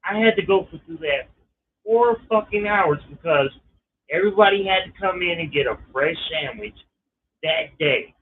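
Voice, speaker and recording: A man's voice: a little high, animated, moderate pace. Profane middle-aged man on a tinny line. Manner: profane, exasperated storytelling. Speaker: storyteller. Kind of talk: casual personal anecdote.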